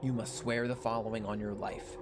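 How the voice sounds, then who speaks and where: A slow, measured monster voice, read by a man in his plain tone, threatens in solemn, deliberate phrases. Game music runs behind it. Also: lowish voice, little pitch movement, lightly acted. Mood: menacing. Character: slow, menacing toilet monster from the depths.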